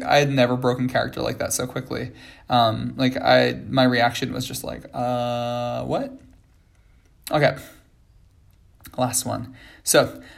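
A man's voice: medium pitch, gravelly. A man, a ballet dancer, casually telling stories with lots of fillers and restarts. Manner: rambling with many fillers and restarts. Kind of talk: casual storytelling.

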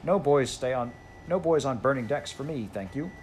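A man's voice: medium pitch, lively intonation, normal speed, darkish tone, slight background noise, close to an everyday voice. A man reading aloud, voicing an earnest, defiant young boy in a storybook. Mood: scornful. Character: bold young boy who insists he is not frightened.

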